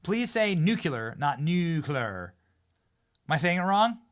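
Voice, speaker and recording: A man hosts a live-streamed political talk show from a studio, his voice fairly high and his pace slow. In excitable casual chat he hypes his guests, often repeating and restarting phrases.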